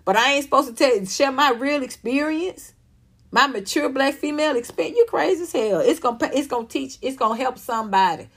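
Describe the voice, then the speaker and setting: A woman's voice: sits high, lively intonation, brisk, a bit bright, slightly rough. A woman in her fifties ranting in an emphatic, profane monologue, often repeating herself. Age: 50s. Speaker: vlogger.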